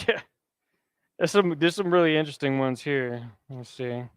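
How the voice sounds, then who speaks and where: A man's voice: fairly high pitch, normal speed, smooth, no room sound, studio quality. A man teaching a class, talking casually and quizzing his students with questions. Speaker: Hebrew teacher. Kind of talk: classroom lesson.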